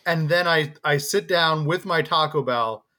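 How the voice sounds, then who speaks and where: Podcast guy, bright sharp voice, rambles and laughs a lot. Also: fairly high pitch, measured pace. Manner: rambling, laughs often, many restarts. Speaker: podcast co-host. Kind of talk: casual podcast chat.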